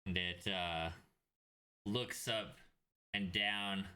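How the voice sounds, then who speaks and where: A young man runs a tabletop game, his low voice ringing bright and forward. He narrates in a loose, rambling way, stopping often on fillers and restarts. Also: fairly even intonation, very slow, clean tone. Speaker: game master.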